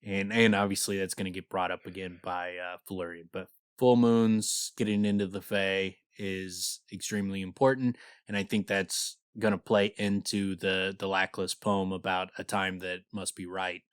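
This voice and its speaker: Male podcast co-host, low register, dry close sound, loose and profane, reads excerpts aloud. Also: little pitch movement, normal speed, hardly any pauses, clear, resonant tone, no echo. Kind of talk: casual book discussion with read-aloud passages.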